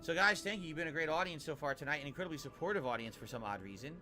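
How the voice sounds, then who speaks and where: A man's voice: fairly high pitch, animated, very fast. A man streaming a game, chatting upbeat and reading out viewer messages. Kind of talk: live gameplay stream chat. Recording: music loud in background.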